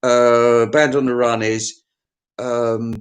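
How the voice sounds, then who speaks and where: A man's voice: mid-range voice, level tone, slow pace, smooth. A man giving a rambling, blunt, sweary music review, often stammering and restarting. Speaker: album reviewer. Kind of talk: rambling casual review monologue.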